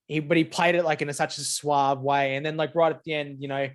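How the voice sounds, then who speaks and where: A man co-hosts a casual podcast, talking in a laid-back way that is full of swearing. His voice sits a little high for a man, and he laughs often. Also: flat delivery, fast, a bit bright. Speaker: podcast co-host. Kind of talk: casual chat.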